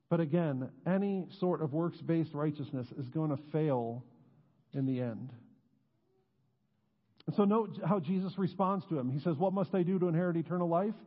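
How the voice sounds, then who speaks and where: Earnest male pastor in echoing church. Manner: earnest, drops low and slow on key words. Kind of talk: sermon. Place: church sanctuary. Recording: muffled sound with long church reverb.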